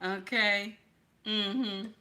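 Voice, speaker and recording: A woman hosting a casual livestream chat, animated and playful, teasing her viewers and tossing in "okay?" again and again. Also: medium pitch, drawn-out words. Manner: keeps repeating "okay?". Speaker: livestream host.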